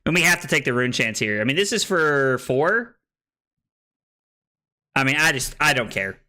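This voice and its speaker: A man's voice: medium pitch, normal speed. A man streaming a card game, chatting casually with his chat and thinking aloud about his plays. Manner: chatty, thinks aloud, excitable when winning. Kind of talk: casual gameplay commentary to chat.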